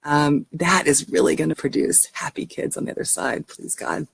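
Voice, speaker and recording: A woman's voice: low voice, fairly even intonation, moderate pace, vocal fry, a little hiss or hum. Earnest woman talking to camera. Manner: earnest and heartfelt; frequent restarts. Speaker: parenting teacher. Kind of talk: casual talk to camera.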